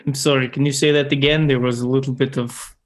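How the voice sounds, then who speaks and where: A man at a tabletop game who plays a devout priest, speaking in a measured, solemn way. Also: medium pitch, little pitch movement. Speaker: player. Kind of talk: tabletop role-play.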